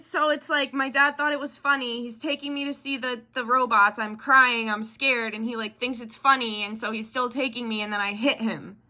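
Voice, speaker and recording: Woman in her thirties, bright tone, a little high-pitched, rambling personal vlog talk, lots of fillers. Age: 30s. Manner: candid, rambling, many fillers. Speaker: tarot vlogger. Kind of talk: personal storytelling.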